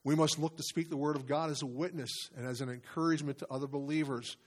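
A man's voice: fairly high pitch, fairly even intonation, fast talker. A male pastor preaching a conversational sermon, full of asides and restarts as he reads from scripture and his notes.

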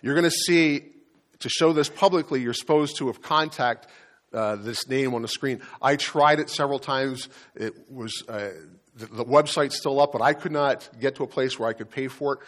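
In a church, a male pastor preaches with a slightly bright voice at an ordinary middle pitch. He shares a personal story earnestly, often stopping and restarting mid-sentence while he gathers his thoughts.

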